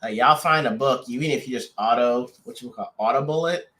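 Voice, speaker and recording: A man's voice: medium pitch, a little fast, bright, forceful tone. A man co-hosting a couples podcast, rambling and teasing in casual chat. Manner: rambling, lots of restarts and fillers; playful teasing. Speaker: podcast co-host.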